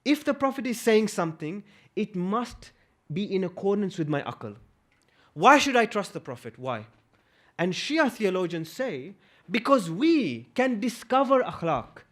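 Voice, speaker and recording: A man's voice: high-pitched, fairly bright tone. A man giving a religious lecture, posing rhetorical questions with emphasis.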